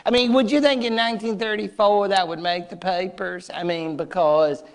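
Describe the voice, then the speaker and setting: A man's voice: high-pitched, fairly even intonation, normal speed, vocal fry. A man giving a history lecture to adult learners, chatty and wry with playful asides.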